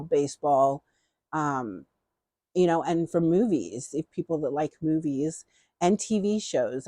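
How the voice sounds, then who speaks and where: A woman's voice: low voice, darkish tone, dry recording. A middle-aged woman chatting casually through a beauty haul, rambling and repeating herself with enthusiasm.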